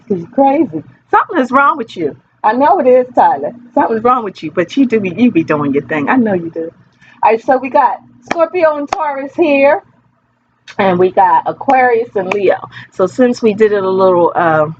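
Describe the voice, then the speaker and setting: A woman's voice: mid-range voice, slight background noise. Woman tarot reader, casual rambling vlog delivery, dull lo-fi recording with faint background ambience. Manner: chatty, rambling, playful.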